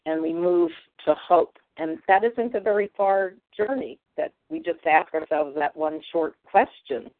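A woman from Pennsylvania sharing reflectively at a recovery meeting, pausing often to find her words. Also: on the low side, vocal fry. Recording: dry, tinny phone line.

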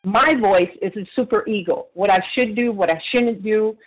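A man sharing earnestly at a recovery meeting by phone, halting often with restarts and fillers. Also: sits high. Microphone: phone call. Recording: phone-line audio.

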